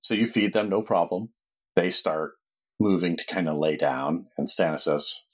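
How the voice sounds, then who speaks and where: Man, game master, tabletop game, easygoing, very low voice, husky. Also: moderate pace, fairly bright tone. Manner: easygoing, laughs often, casual narration with fillers.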